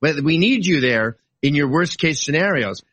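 A man debating politics on a talk show, his pitch leaping up and down as he argues. His voice sits a touch high for a man and sounds dry and close. He talks casually, then suddenly exclaims to drive a point home. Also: normal speed, dry recording. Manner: animated, argumentative, swings between casual and exclaiming. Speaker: political guest.

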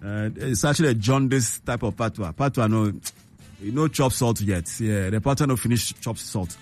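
A man's voice: lowish voice, normal speed, a little mellow, faint music behind. A man with a Ghanaian English accent hosting a radio call-in show, playful and teasing, laughing often. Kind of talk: casual radio chat with a caller.

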